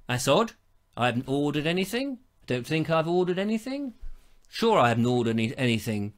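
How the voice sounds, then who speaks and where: On this casual live stream, a middle-aged host from England talks fast in a fairly bright, sing-song voice on the high side, with a little hiss or hum in the audio. His storytelling is chatty and theatrical, with playful asides.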